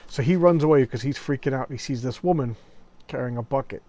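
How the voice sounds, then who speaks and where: A man's voice: medium pitch, quick pace, dark tone. Rambling man retelling comic stories. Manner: enthusiastic, rambling, acts out quoted lines in passing. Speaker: comic book video host. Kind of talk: casual comic book review, retelling stories.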